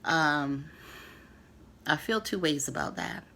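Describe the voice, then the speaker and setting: An American woman vlogger gives book feedback straight to the camera, casual, earnest and emphatic with sassy asides. Her low voice is expressive, slow, gravelly, pushed and bright, with slight background noise.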